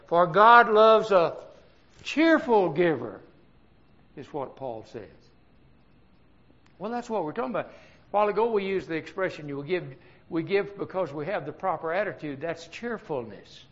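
An older man delivers a sermon in an earnest, talky way, with a fairly high voice. He keeps turning to the congregation with rhetorical questions. The recording sounds dull and lo-fi. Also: fairly bright tone. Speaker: preacher.

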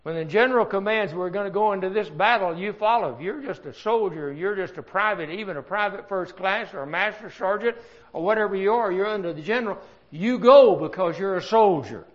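A man's voice: high-pitched, brisk, highs cut off. An older man preaching an earnest, conversational sermon, asking the congregation rhetorical questions.

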